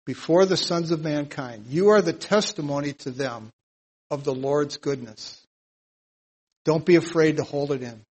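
A man teaching a psalm verse by verse in a sermon, earnest and plain-spoken, getting louder whenever he reads scripture aloud. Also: fairly high pitch, measured pace, breathy edge, low-quality recording. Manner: emphatic, louder when reading scripture aloud. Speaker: Bible teacher.

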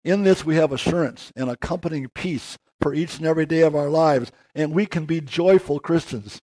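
Older guy preaching, kinda high voice, slows down and lifts on the big words. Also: mellow. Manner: earnest, slowing and rising for emphasis. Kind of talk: sermon.

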